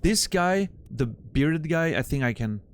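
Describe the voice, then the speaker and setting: A man's voice: a little high, lively intonation, unhurried, a little hiss or hum. A man streaming a game, casually puzzling things out aloud as he plays. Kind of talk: casual gameplay commentary.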